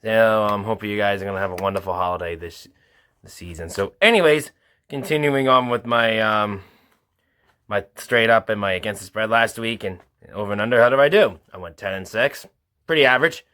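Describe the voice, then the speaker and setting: A man with a bright, sharp-edged voice runs through his weekly football picks. His delivery is informal and halting. He sounds like a regular host of his own show. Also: on the low side, clear, resonant tone. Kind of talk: casual football picks commentary.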